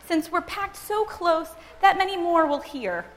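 A woman's voice: extremely high pitch, a little slow, pitched above the performer's own voice. A woman voicing a serene, prayerful older sister. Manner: calm, matter-of-fact, gently insistent. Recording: long reverb, as in a large hall.

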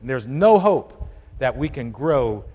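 A man delivers a sermon in a church sanctuary, speaking in a conversational but emphatic way. He often turns questions to the congregation. His voice sits at a middle pitch for a man, and it carries a long hall reverb. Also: big pitch swings, a little slow, mellow, slightly rough. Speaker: pastor.

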